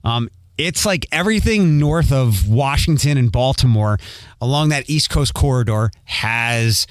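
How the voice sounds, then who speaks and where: This man's medium-pitched voice is expressive and a little slow, recorded without echo. Hosting a podcast, he chats casually in a rambling, self-aware monologue, a trace of a mostly trained-out Philadelphia accent still audible.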